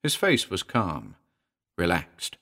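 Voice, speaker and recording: A man narrating a short horror story in a dramatic reading, moving between hushed and urgent delivery. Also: low voice, wildly swooping pitch, slow pace, gravelly, breathy edge.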